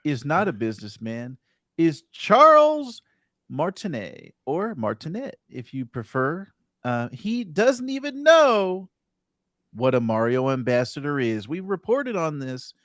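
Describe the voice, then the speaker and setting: A man's voice: on the high side, unhurried, dry recording, studio quality. A man hosting a casual gaming podcast, reading out news items and asking his co-hosts for their views. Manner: animated, reads news items aloud. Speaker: podcast host.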